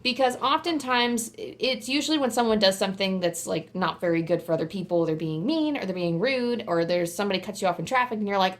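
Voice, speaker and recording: Chatty woman giving a tarot reading. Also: a little fast. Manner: chatty and rambling, full of "like" fillers; bursts into excited, high squeals. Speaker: tarot card reader. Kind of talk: casual pick-a-card tarot reading to camera.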